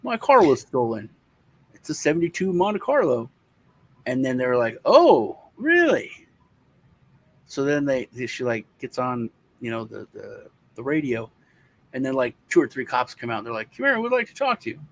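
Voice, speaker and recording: Speaking at a medium pitch and normal pace, a male co-host recounts a lengthy personal tale casually. He curses now and then and brings it to life by imitating the people in it.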